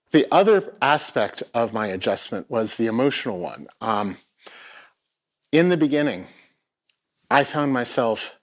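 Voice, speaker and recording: Speaking at a live arts festival, this middle-aged man has a mid-range voice. He recounts a personal story in a thoughtful, hesitant way, circling back over words as he looks for what to say.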